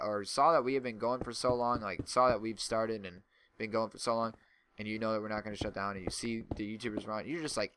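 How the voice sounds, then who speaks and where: A man's voice: fairly low pitch, quick pace, a bit bright, slight background noise. A young man and server owner talking casually over a gaming video, rambling and getting heated as he rants. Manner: rambling, gets heated and ranty.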